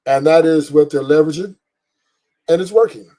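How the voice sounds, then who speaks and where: A man's voice: on the high side, moderate pace, warm tone. A man hosting an online show, giving emphatic opinion commentary and repeating his key points. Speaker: host.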